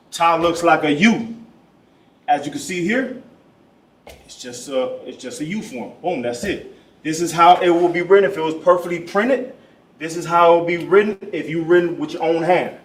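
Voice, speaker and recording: A man teaching a class in a casual way, often saying boom and trailing off quietly. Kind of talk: casual classroom letter lesson. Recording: echoey room, mic at a distance.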